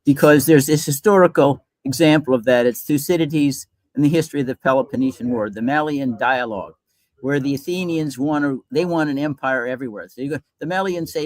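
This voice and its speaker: A man appearing as a guest in a political talk show, cutting in to retell a historical story in a lively way. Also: medium pitch, a little fast, no echo, rough recording.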